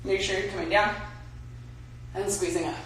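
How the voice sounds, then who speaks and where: A woman's voice: medium pitch, fairly even intonation, normal speed, a bit bright, distant mic, a little hiss or hum. A young woman casually leading a home workout, chatty and coaching as she exercises. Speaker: softball player leading a workout. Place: home room. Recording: echoey room, mic from afar.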